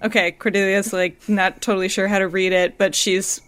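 A woman's voice: medium pitch, little pitch movement, normal speed, a bit bright, smooth, dry recording. A woman playing a tabletop game, describing her character's actions in a hesitant, chatty way. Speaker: player. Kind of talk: tabletop role-play.

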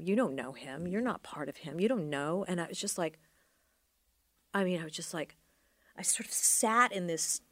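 Middle-aged woman, lowish voice, dry close sound, rambly halting storytelling. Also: fairly bright tone, dry recording. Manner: halting, trailing off, many fillers. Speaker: interview guest. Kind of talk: reflective personal storytelling.

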